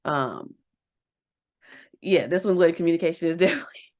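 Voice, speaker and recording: Woman co-hosting a relationship podcast. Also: normal speed. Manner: animated, acts out quotes in a higher voice. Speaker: podcast co-host. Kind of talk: casual relationship chat.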